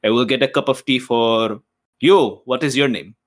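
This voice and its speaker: A man's voice: mid-range voice, moderate pace, natural voice. A man voicing an overly polite, formal male artist companion with stilted, fussy phrasing. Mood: courteous.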